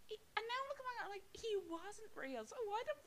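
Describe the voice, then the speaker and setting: Bright, chatty young Irish woman. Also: very high-pitched, sing-song, a little fast, low-quality recording. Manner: chatty, swears a lot, peppered with "like" and "right?". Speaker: podcast co-host. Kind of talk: casual chat.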